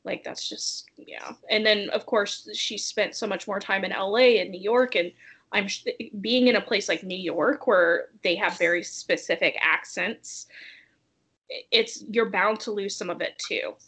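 A woman's voice: medium pitch, a little slow, fairly bright tone, breathy edge, poor audio. Woman with a light Southern accent. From American South. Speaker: podcast co-host. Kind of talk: casual chat.

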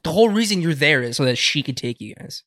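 Young dude cohosting a podcast, kinda high voice, jokey, swears a lot, dry mic. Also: male voice, expressive, fast, bright, forceful tone, dry recording. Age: young adult. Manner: joking, swears casually, chimes in. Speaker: co-host. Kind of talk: casual podcast chat.

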